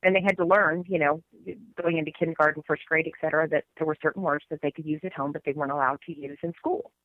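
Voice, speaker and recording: A woman's voice: deep voice, fairly even intonation, fast, dry recording, narrow, tinny audio. Lady podcast cohost, middle aged, chatty and giggly, dry close mic. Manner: enthusiastic, laughs easily. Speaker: podcast co-host. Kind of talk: casual chat.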